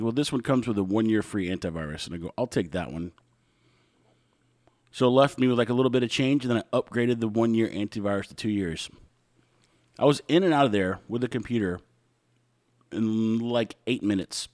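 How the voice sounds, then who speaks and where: A man's voice: medium pitch, darkish tone, no room sound, clean studio sound. A man hosting a podcast, talking alone in a casual storytelling monologue, blunt and wry, sometimes ranting. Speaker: podcast host.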